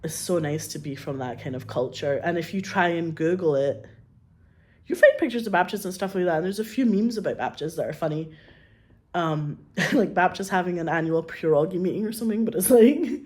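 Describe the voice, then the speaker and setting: A woman's voice: deep voice, a little fast, darkish tone. Effusive, rambling woman. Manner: rambling and effusive, heavy on "like", acts out quoted voices. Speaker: filmmaker guest. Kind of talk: casual chat.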